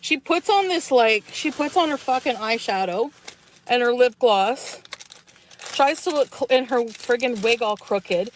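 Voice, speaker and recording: A woman's voice: on the high side, lively intonation, a little slow, slight background noise. A woman mocking someone's looks in an irritated, gossipy way.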